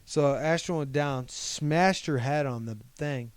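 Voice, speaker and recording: In a dry recording, a young Ohio podcast co-host tells a long personal story in casual, rambling fashion, quoting other people's words as he goes. He speaks slowly and clearly in a resonant voice that's on the high side.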